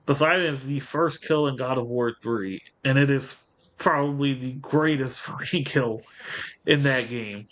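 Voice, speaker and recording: A man with a mid-range voice in a relaxed casual chat. He swears casually and pauses with fillers while he recalls details. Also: medium pitch. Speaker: podcast co-host. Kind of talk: casual chat about video games.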